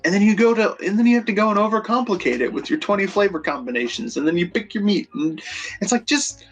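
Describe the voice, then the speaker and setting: A man's voice: sits high, lively intonation, quick pace, faint music behind, rough recording. A man co-hosting a podcast in casual chat, rambling and swearing freely. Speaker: podcast co-host.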